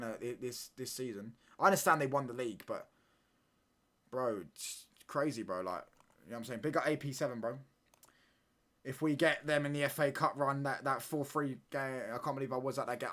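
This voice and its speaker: A man hosting a live football watchalong, talking in excitable, slangy banter and reacting to the play as it happens. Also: medium pitch. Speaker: watchalong streamer.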